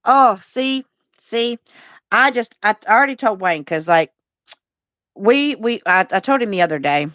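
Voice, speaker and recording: A woman's voice: a little high, expressive, a little slow, a bit bright, dry recording. A woman, chatting casually and rambling as she hosts a livestream and answers viewer comments. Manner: rambling and chatty, with frequent restarts and a drawl. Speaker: livestream host.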